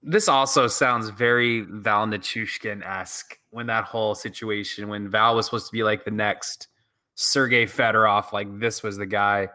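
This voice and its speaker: A man's voice: lowish voice, steady tone, sharp tone. A man co-hosting a podcast, chatting about sports and restarting often as he works toward his point. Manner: restarts a lot, builds his point slowly. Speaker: podcast co-host. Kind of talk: casual sports chat.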